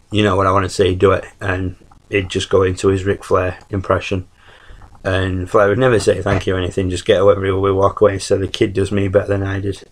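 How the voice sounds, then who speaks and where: A man's voice: sits low, a bit bright, rough recording. A man from the UK giving a casual spoken review, rambling with lots of ums and restarts. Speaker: YouTube reviewer.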